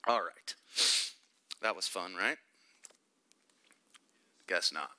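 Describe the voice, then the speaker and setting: A man preaching a sermon as a pastor, animated and emphatic, with joking asides to the congregation. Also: deep voice, drawn-out words.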